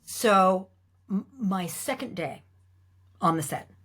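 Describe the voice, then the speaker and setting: A middle-aged woman, an actress as guest, telling anecdotes in a lively way, acting out the lines she quotes and laughing often. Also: mid-range voice, slow, husky.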